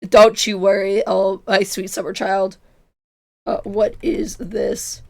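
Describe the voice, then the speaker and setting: A woman's voice: mid-range voice, level tone, slow, vocal fry. A woman in her twenties streaming and chatting casually, giggly and self-mocking, her voice strained from illness. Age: 20s. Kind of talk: casual chat with chat.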